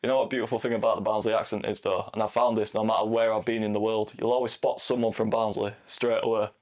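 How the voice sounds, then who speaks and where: A man co-hosting a podcast, talking in quick, friendly casual chat. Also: fairly low pitch, flat delivery. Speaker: podcast co-host.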